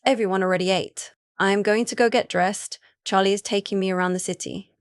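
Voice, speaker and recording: A woman's voice: medium pitch, fairly even intonation, brisk, no echo, studio quality, close to an everyday voice. A woman reading a cheerful pack woman.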